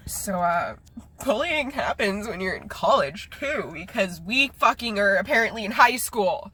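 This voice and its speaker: A woman's voice: medium pitch, very animated, normal speed, pushed and bright, slight background noise. A young woman in her twenties venting on a vlog, angry and profane while holding back tears. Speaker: vlogger. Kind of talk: emotional vlog rant.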